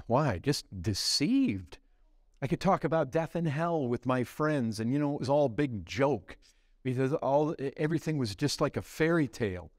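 A man preaching a sermon, swinging between loud exclamations and hushed low lines. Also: dry recording, clean studio sound. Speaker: pastor.

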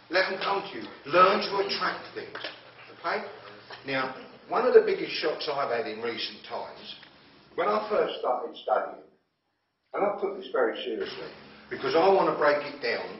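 A man giving a live motivational talk to an audience, chatty and emphatic, often checking in with the room. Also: mid-range voice. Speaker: motivational speaker. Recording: echoey room, distant dull mic, faint noise.

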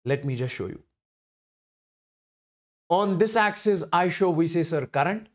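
A male teacher delivers an exam-prep physics lecture. His pitch swings widely as he stresses points. He is emphatic and repetitive, going back over each step again and again. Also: animated, unhurried.

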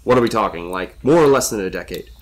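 A man's voice: fairly low pitch, animated, quick pace, lightly acted. A man playing a young explorer lost in a cave, sarcastic and questioning.

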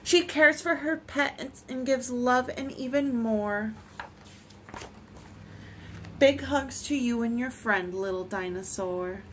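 A woman reading picture books aloud for a children's storytime, expressive and lilting. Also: fairly high pitch, takes it slowly, pauses often, a little hiss or hum. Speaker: storytime reader.

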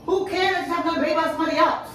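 A woman's voice: extremely high pitch, fairly even intonation, racing, very echoey, far from the mic, a crowd in the background. A woman arguing with her boyfriend, blunt and scolding with heavy cursing. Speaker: girlfriend in prank video. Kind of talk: heated couple argument.

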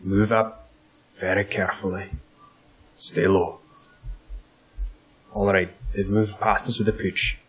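Male gamer calling plays in co-op, prone to excited yelps, dull home mic. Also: low voice, slow pace, pauses often. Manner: swearing, excitable outbursts, directing the play. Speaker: co-host playing a game. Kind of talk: casual gaming chat.

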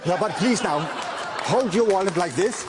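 A man's voice: sits high, expressive, moderate pace, noisy background. Playful man doing a pickpocket stage act. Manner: playful, teasing, coaxing audience volunteers. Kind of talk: live stage patter with volunteers.

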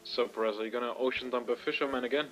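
Quick-talking laid-back man, faint music. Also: medium pitch, fairly even intonation, fairly bright tone, rough recording. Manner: laid-back, swears casually. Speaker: fellow player. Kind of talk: casual gaming chat.

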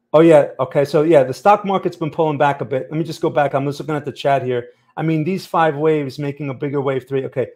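On his live stream, a trading channel host works through charts and replies to chat in a relaxed, conversational manner. His slightly high voice has a darkish tone, and he frequently checks in with viewers by asking "okay?" and "right?"

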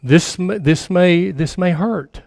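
A man's voice: sits high, slow pace, gravelly, darkish tone, no echo, studio quality, big-room sound. A man preaching a sermon in a conversational way, repeating phrases for emphasis and sometimes dropping to a near-murmur. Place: church sanctuary.

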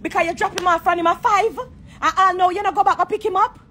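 Jamaican woman going off on a phone livestream, high voice, profane and confrontational. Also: fairly even intonation, fast, fairly bright tone, slight background noise. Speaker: dancehall artist on a live stream. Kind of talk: heated live-stream rant. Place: corner of an airport.

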